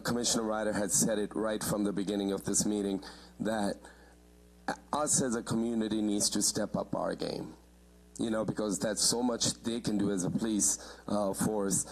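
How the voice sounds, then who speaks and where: A middle-aged man stands to give public comment at a committee hearing, speaking in an earnest, halting way full of fillers. His voice is low-pitched and husky. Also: a little mellow, poor audio. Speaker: community member giving public testimony.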